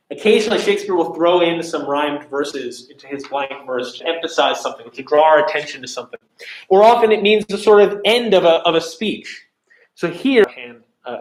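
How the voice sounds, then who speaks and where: A man's voice: on the high side, lively intonation, a little fast. A man teaching a lesson on Shakespeare, explaining step by step with many fillers and restarts, and reading verse aloud. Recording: echoey room.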